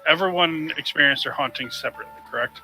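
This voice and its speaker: A man's voice: a little high, fast talker, sharp tone, faint music behind, low-quality recording. A man playing a tabletop game, checking details and giving in-character orders. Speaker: player.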